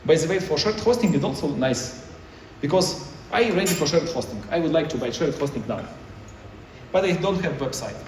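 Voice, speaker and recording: Man, conference speaker, choppy non-native english, somewhat high voice, echoey hall, far from the mic. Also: expressive, normal speed, slight background noise. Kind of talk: conference talk.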